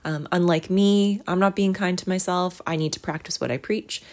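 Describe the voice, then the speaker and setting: Low-voiced rambling woman. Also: fairly even intonation, normal speed. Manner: rambling, self-deprecating, with many fillers. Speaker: podcast host. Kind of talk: casual solo podcast chat.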